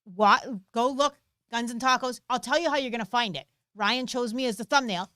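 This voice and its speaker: A woman's voice: fairly high pitch, fairly quick, bright, forceful tone, no echo, clean studio sound. A woman in her thirties from Canada, co-hosting a live chat in a joking, self-deprecating way. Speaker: co-host of a gun-carry Q&A.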